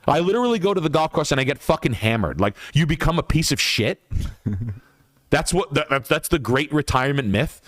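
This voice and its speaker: A man's voice: on the high side, expressive, normal speed, dry recording. Heated, profane male podcast host. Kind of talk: casual rant on a livestream.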